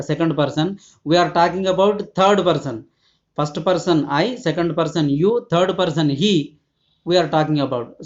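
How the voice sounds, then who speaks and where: A male teacher with a slightly raised voice gives a recorded grammar lesson. He explains patiently, circles back over each point and pauses often. The recording sounds dull and lo-fi. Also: a little high. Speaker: school English teacher.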